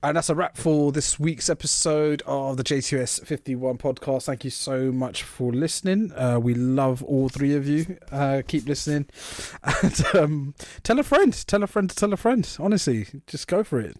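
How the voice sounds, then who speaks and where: A man's voice: on the high side, animated, normal speed, hardly any pauses, darkish tone, no room sound, studio quality. A man co-hosting a podcast, chatting casually and laughing through his stories. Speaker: podcast co-host. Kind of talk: casual chat.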